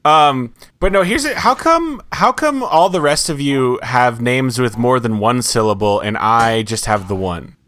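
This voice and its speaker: Bright-voiced joking podcast host, a man. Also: medium pitch, a little slow, hardly any pauses. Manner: playful, jokey, drops to mumbles. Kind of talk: casual banter among brothers.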